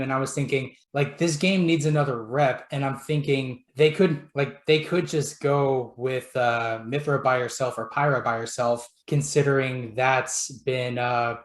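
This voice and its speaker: A man hosting a casual podcast about video games, chatty and full of filler words. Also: mid-range voice. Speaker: podcast host. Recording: roomy echo.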